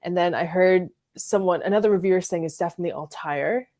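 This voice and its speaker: A woman with a slightly low voice hosts a relaxed fragrance livestream. She chats loosely, greets viewers from the live chat and talks about perfumes in an easy, rambling way, full of little fillers. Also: quick pace. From Florida. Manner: chatty, reads and answers live chat, frequent likes and ums.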